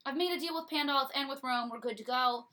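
A man's voice: very high voice, fairly quick, bright, forceful tone. A woman doing a whiny, shifty king. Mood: bargaining. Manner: evasive and whiny. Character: shifty, petulant male king.

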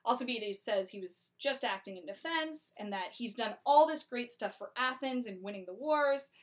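A woman's voice: on the high side, animated, moderate pace. A young woman casually summarizing a play's plot, wry and chatty, full of filler words. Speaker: storyteller summarizing a play.

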